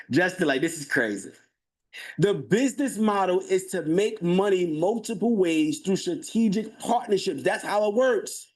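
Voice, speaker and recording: A man giving a live webinar sales pitch, hyped and talking straight to the chat, repeating his phrases for emphasis. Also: expressive, a little slow. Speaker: webinar presenter.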